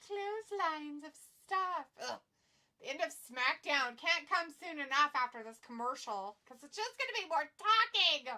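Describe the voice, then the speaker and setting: Woman, bright tone, high-ish voice, chatty, blunt, live-stream watch-along co-host. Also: expressive, moderate pace. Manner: chatty, blunt, reads chat aloud. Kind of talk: casual live-stream chat.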